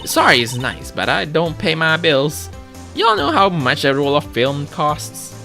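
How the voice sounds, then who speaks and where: A streamer voicing a brash Southern woman photographer with an exaggerated put-on drawl, scolding and quick to bristle. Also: medium pitch, sing-song, vocal fry, bright, forceful tone, soft background music, pitched above the performer's own voice, exaggerated voice. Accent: American Southern, put on.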